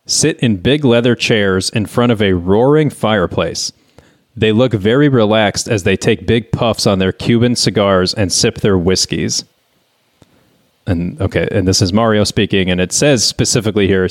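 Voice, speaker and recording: A man's voice: on the low side, no room sound. A man reading stage directions in a dry, reluctant, weary way during a comedic script reading. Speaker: co-host, reader.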